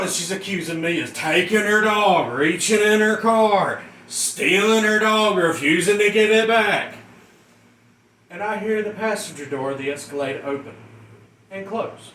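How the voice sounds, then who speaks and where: A man rants through a comic story, swearing freely and laughing as he goes. His voice is high, bright and very lively in pitch. He sounds roomy and a little distant from the mic, with a faint hiss behind him. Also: moderate pace. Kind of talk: profane comedic rant.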